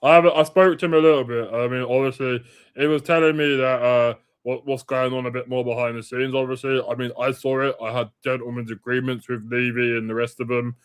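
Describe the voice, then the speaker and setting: A man's voice: mid-range voice, fairly quick, smooth, natural voice. A man doing a bland, "obviously"-tic footballer. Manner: monotone, says "obviously" after every sentence. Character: bland male star striker, polite and repetitive. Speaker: comedy co-host.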